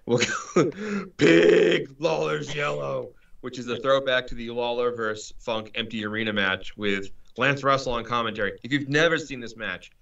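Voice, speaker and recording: Bright-voiced man, distant dull mic. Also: medium pitch, steady tone, a little fast, few pauses. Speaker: podcast co-host. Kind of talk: casual chat.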